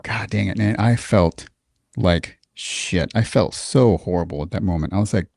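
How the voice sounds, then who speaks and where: A man's voice: sits low, moderate pace, gravelly, no room sound, clean studio sound. A middle-aged man from Texas, a guest in a casual interview, telling stories candidly with profanity and many restarts. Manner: profane, candid, animated storyteller with frequent restarts. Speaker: podcast guest, military veteran.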